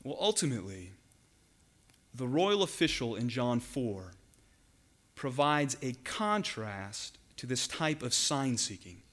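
Bright-voiced male pastor preaching earnestly. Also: medium pitch, big pitch swings. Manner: earnest, emphatic, slows and drops to a hush for key words. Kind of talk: sermon.

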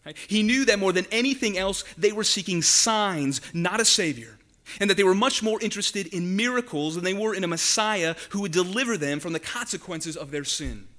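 A man preaching a sermon to his congregation, earnest and emphatic, slowing down and dropping his voice on the words he wants to stress. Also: sits high, animated. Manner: earnest, emphatic, slows and drops to a hush for key words. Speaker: pastor.

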